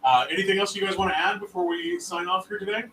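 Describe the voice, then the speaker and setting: An easygoing man hosts a webinar over a video call. His voice is bright and forceful. He sits back from the mic, and the room echoes around him. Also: high-pitched, steady tone, fast talker, recorded from a distance, slight background noise. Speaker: webinar host. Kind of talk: casual webinar sign-off.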